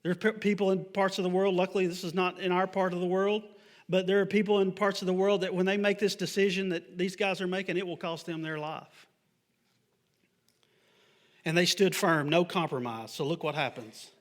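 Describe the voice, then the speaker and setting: A man's voice: sits high, fairly even intonation, brisk. A man preaching a sermon at church, reading scripture aloud and then explaining it with emphatic pushes, sometimes asking the congregation questions. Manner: asks the congregation questions in an offhand, joking way. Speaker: pastor. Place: church sanctuary.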